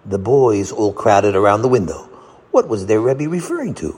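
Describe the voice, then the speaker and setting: A man reading a children's story aloud in an expressive, scripted narration. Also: lowish voice, moderate pace, husky, in a large hall.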